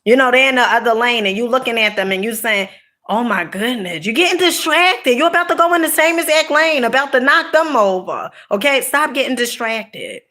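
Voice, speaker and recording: A woman's voice: high voice, animated, brisk, hardly any pauses, bright, forceful tone. A middle-aged woman giving a casual motivational talk, preachy and direct, coaxing her listeners with frequent "okay?" and "you know", laughing between points. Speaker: motivational speaker.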